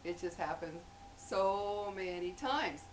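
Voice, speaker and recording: A woman's voice: fairly low pitch, lively intonation, slow pace. Chatty woman vlogging from a bit off-mic. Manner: chatty, laughs often, acts out little scenes. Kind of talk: casual chat to camera. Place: at home. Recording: voice a bit far from the mic, faint hum.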